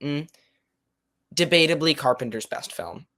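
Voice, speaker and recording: A man's voice: a little high, measured pace, pushed and bright. A young man co-hosting a podcast, giving casual film opinions with plenty of ums and hedges. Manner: hedging, lots of ums and qualifiers. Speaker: podcast co-host.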